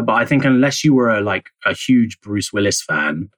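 This journalist guest is a man with a fairly low, animated voice, a bit bright, at normal speed. He gives long, conversational interview answers packed with fillers, hedges, and restarts, on a dry recording of poor quality.

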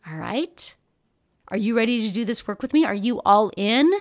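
An energetic woman hosts her own coaching podcast, speaking in an emphatic, encouraging voice. She addresses the listener directly, pushing them to act. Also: fairly high pitch, normal speed. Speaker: podcast host and business coach. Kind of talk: motivational podcast monologue.

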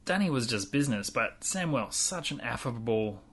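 Guy recapping a show with a friend, mid pitch, chatty, does little voices for the characters. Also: slightly rough. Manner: animated retelling with quick impressions of characters. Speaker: podcast co-host. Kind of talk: casual recap chat.

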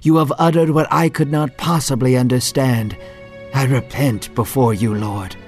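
A man voicing Job, a frightened, humbled older man who speaks in a trembling, hushed way. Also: medium pitch, steady tone, moderate pace, faint music behind, lightly acted.

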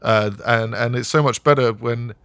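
A man, a photographer, chatting casually with many halting restarts and frequent laughter. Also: medium pitch, fairly even intonation, gravelly, a bit bright, no echo. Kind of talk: casual chat.

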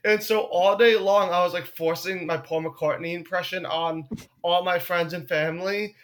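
A young man chatting on a podcast with a high, bright, sharp-edged voice. He talks in an animated, loose way, swearing freely and slipping into silly impressions. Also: moderate pace. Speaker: podcast co-host. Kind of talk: casual podcast chat.

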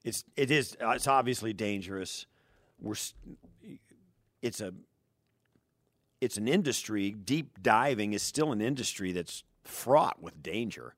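A middle-aged man co-hosting a sports radio show, telling rambling, animated stories in casual chat. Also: lowish voice, measured pace, long pauses, dry recording, studio quality.

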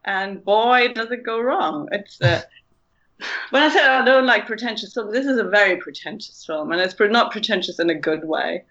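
A woman's voice: mid-range voice, expressive, moderate pace, a bit bright, lo-fi sound. A woman from Germany with a German accent, giving blunt, opinionated views as a guest on a chatty podcast. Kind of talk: casual panel chat.

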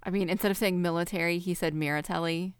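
A woman's voice: fairly low pitch, fairly even intonation, fast talker, clear, resonant tone, no echo, studio quality. A woman with a Southern American accent co-hosting a podcast, chatting with enthusiasm. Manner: enthusiastic, gushing. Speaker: podcast co-host. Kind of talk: casual chat.

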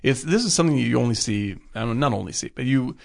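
A man in casual film chat, rambling with lots of fillers and getting animated when he retells scenes. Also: mid-range voice, quick pace, vocal fry.

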